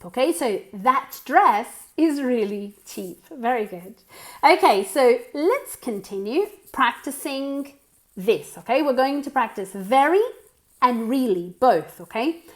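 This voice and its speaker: Lively, slow-paced woman teaching pronunciation. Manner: slow, deliberate model sentences with lively pitch. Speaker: English teacher. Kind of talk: bilingual English pronunciation lesson.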